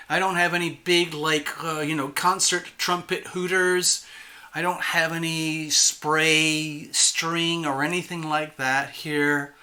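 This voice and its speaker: A chatty man hosting his own channel, talking straight to his viewers in a loose, playful way. His voice is strikingly bright and sits a little high for a man. He sounds a touch jittery as he keeps things light. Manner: chatty, playful, self-admittedly nervous. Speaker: tarot channel host. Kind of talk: casual solo livestream talk.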